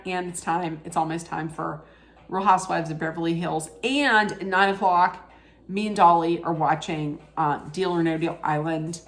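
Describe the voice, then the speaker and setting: A woman's voice: lowish voice, unhurried. A woman giving a casual, opinionated recap of a reality dating show, chatty, with frequent fillers and restarts.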